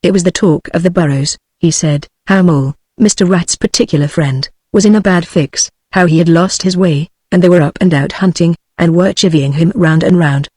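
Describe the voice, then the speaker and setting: A text-to-speech British woman's voice reading the lines of a cheerful, bold male otter in even, synthetic tones. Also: lowish voice, normal speed, hardly any pauses, husky, no echo, studio quality. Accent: British English.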